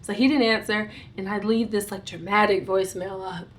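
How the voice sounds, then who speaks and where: A young adult woman vlogger telling a storytime, recounting events in an animated, dramatic way with bursts of giggling. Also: mid-range voice, brisk, hardly any pauses. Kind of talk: storytime vlog.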